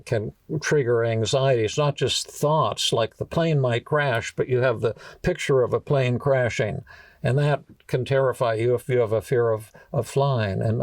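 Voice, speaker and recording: A man hosting a podcast, telling a story in a halting way, often repeating words and restarting his sentences. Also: mid-range voice, no room sound, distant mic.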